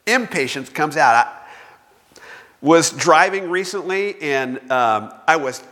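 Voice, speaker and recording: A man's voice: on the high side, expressive, slow pace, pushed and bright. A man preaching a sermon, telling stories with self-mocking humor. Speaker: pastor. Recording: long reverb of a large hall.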